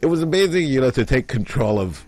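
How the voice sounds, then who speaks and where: A man telling a travel story in casual chat, acting out the other people's lines in lively voices. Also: mid-range voice, fast talker, no room sound.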